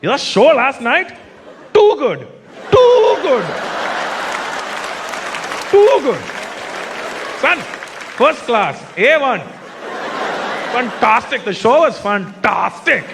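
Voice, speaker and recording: A man's voice: very high voice, sing-song, extremely slow, gravelly, pauses often, voice pushed up, full character voice. A man putting on an Indian accent to play an emphatic, gushing male fan who repeats his praise, recorded live on stage. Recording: live stage audio with crowd noise.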